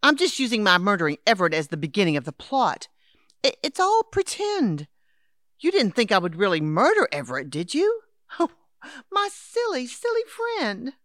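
An actress playing Henrietta, a brisk, patronizing elderly woman in an audio drama. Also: on the high side, huge pitch swings, fairly bright tone, no echo, studio quality. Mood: soothing. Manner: brisk, patronizing, calls others dear and darling. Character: scheming elderly woman, Henrietta, would-be crime writer.

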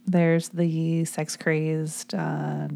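A woman's voice: deep voice, very animated, extremely slow, gravelly, dark tone. A woman co-hosting a podcast in casual chat, blunt and giggly, with plenty of "like". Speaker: podcast co-host.

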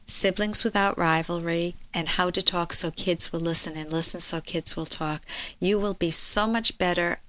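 A woman's voice: on the low side, fairly even intonation, normal speed, a bit bright, no echo. A woman psychologist who hosts an advice show and speaks earnestly and emphatically, acting out quoted speech. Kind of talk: advice talk and book reading.

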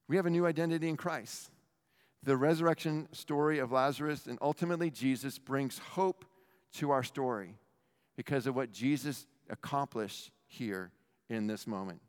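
A middle-aged man preaching a sermon as pastor, animated and talking straight to the congregation. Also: a little high, normal speed, clear, resonant tone. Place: church hall. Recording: long hall reverb.

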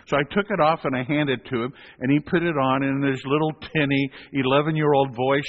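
A man, a hospital chaplain, telling a story in an animated storytelling sermon and acting out voices. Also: mid-range voice, a little fast, few pauses. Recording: echoey hall, dull lo-fi sound.

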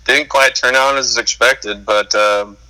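A man's voice: medium pitch, fairly even intonation, measured pace, sharp tone, low-quality recording. A man guest in a casual chat, talking hesitantly with many fillers and restarts.

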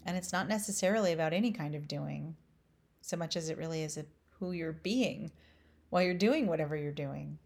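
Slow-spoken woman giving a spiritual talk. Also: sits low, creaky, a little mellow. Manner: slow, emphatic rhetorical questions. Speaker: spiritual teacher.

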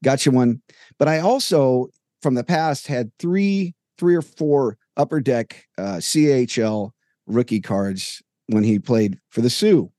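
A podcast co-host with a mellow, mid-range voice tells a long, detailed anecdote at a measured pace in casual chat, acting out the dialogue as he goes. He records in a home room with jerseys on the wall, with studio-quality sound and no echo.

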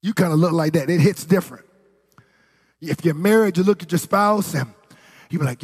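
A man's voice: a little high, moderate pace, breathy edge, big-room sound. A man preaching a sermon, telling a personal story in a conversational way and acting out what people said. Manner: conversational storytelling with quoted voices and asides. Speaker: pastor.

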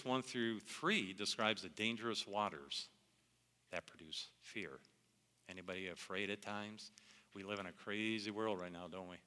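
A man's voice: lowish voice, sharp tone, in a large hall. A middle-aged man preaching a sermon in an earnest, conversational way, often calling his listeners "guys.".

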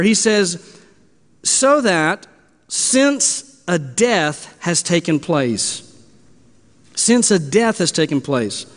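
A man with a notably high speaking voice teaches from the pulpit in an earnest, explanatory sermon. He circles back to key phrases and restarts his sentences as he works through the text. His voice rings out with a long reverb in a church hall. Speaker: pastor. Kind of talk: expository sermon.

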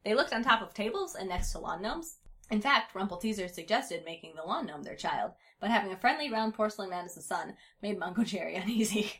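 A woman reading a story aloud in a playful, giggly way, pausing to chat. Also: medium pitch, animated, fairly bright tone.

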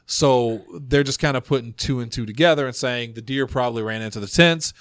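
A man of middling pitch hosting a casual podcast, telling stories from his notes in a chatty way. His voice is dry and close, with no room sound around it. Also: a bit bright, clean tone, no echo. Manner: chatty storyteller, reads notes, quick asides. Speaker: podcast host.

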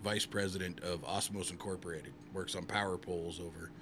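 A man's voice: low voice, fairly even intonation, brisk, noisy background. A man from Montana telling a rambling, profane story with lots of fillers in casual chat.

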